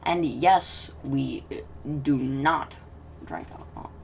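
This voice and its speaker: A woman giving casual, rambling gameplay commentary, often interrupting herself and dropping into soft mutters. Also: rumbling low, takes it slowly, vocal fry, far from the mic, slight background noise. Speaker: gaming commentator.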